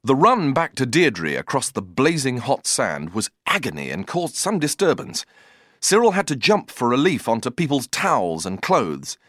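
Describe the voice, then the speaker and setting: Expressive man reading a story. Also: mid-range voice, normal speed, no echo, studio quality. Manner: expressive, playful, comic timing. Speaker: narrator.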